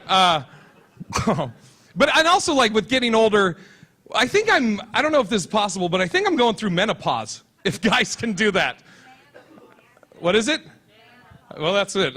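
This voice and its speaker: A man's voice: sits high, pushed and bright. A man performing a stand-up comedy set on a convention stage, with a brash, crude and punchy delivery.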